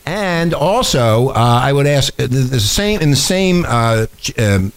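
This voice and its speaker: A man's voice: medium pitch, expressive, unhurried, poor audio. Rambling sarcastic male talk-show host. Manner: rambling, sarcastic, with frequent restarts and fillers. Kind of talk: casual political talk show banter.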